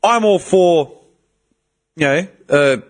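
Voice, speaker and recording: Animated man, lively swinging pitch. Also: takes it slowly. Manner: animated, swearing, mimics people in quoted voices. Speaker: podcast host. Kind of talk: casual podcast chat.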